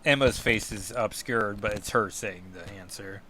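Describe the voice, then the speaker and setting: A man's voice: lowish voice, moderate pace, bright, forceful tone. Rambling, chatty man reviewing comics. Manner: rambling, self-deprecating, full of fillers and asides. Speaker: podcast host reviewing comics. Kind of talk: casual comic book review talk.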